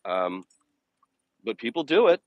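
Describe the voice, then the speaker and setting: Blunt, profane man with lively pitch. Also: unhurried, no echo, muffled recording. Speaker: vlogger live-streaming a dog walk. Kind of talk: casual live-stream chat while walking. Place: outdoors on a city walking path.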